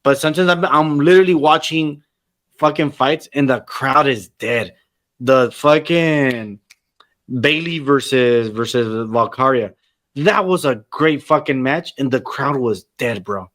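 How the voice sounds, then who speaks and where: A man hosting a casual wrestling podcast, talking in an excitable, profane way and slipping Spanish phrases into his English. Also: medium pitch, a little slow. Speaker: podcast host. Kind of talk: casual chat.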